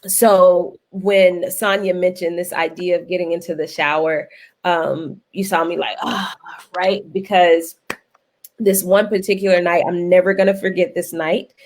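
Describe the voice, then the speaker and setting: Animated woman host telling stories. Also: lowish voice, a little slow. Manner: animated storyteller, laughs often, folksy phrasing. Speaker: guest host. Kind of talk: casual panel talk.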